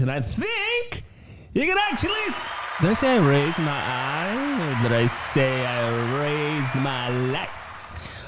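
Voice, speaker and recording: Goofy, animated male show host. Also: on the high side. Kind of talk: casual show hosting. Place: home studio with lights.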